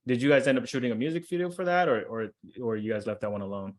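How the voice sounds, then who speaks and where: A man's voice: medium pitch, fast talker. A man hosting a casual interview, easygoing, asking long rambling questions. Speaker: interview host.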